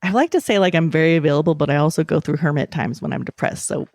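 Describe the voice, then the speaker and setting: A woman's voice: sits low, fast talker, vocal fry, darkish tone, no room sound, clean studio sound. A woman author talking candidly in an interview and reading her own novel aloud, laughing easily. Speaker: author and guest.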